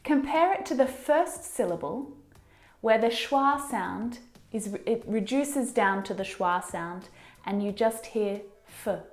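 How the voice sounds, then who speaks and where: A woman teaching English pronunciation, speaking deliberately and repeating each word slowly as a model. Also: on the high side, animated, echoey room. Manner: slow, deliberate, models words by repeating them.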